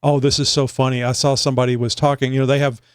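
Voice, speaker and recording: A man's voice: mid-range voice, level tone, quick pace, clear, resonant tone, dry recording. A man hosting a podcast, chatting casually in a rambling way with many fillers. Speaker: podcast host. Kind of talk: casual chat.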